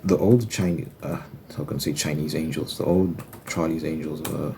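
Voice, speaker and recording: A young man with an extremely deep, low voice rambles loosely in a casual ASMR chat, dropping the occasional swear word. Clear noise sits under the recording, with tapping and shuffled cards behind him. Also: steady tone, moderate pace, warm tone. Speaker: ASMR creator. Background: tapping and card shuffling noise.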